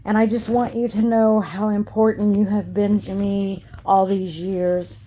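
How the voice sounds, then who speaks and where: A woman's voice: mid-range voice, flat delivery, a little slow, warm tone. A woman recording an emotional, tender birthday video message for a mentor she once worked with. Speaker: former coworker sending video greeting. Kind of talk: heartfelt personal video message.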